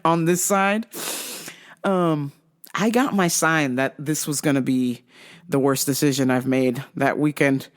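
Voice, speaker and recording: Woman, host, casual storytelling, profane, animated, lowish pitch. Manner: animated, profane, laughing often.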